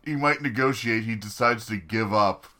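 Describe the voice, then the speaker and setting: A man's voice: on the low side, normal speed, pushed and bright. A man co-hosting a podcast, making dry joking asides in casual chat. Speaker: podcast co-host.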